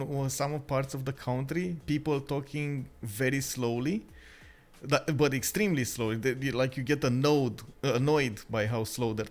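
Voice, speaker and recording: Chatty man from Romania, casual banter. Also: on the high side. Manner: chatty, laughs often, many ums and uhs. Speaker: caster. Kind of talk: casual chat.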